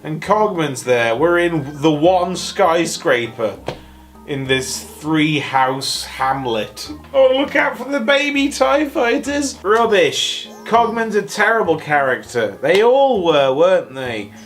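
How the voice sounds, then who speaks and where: A man reviewing toys in a casual ramble, tipsy and hiccuping after shots, sarcastic and excitable, jumping from yelps to mumbles. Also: on the high side, slow pace, faint music behind. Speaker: toy reviewer.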